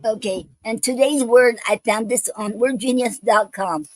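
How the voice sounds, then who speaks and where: A woman's voice: on the high side, normal speed, no echo, rough recording. A woman hosting a poetry show, reading poems and explaining a poetic form in a hesitant way, with many ums and restarts.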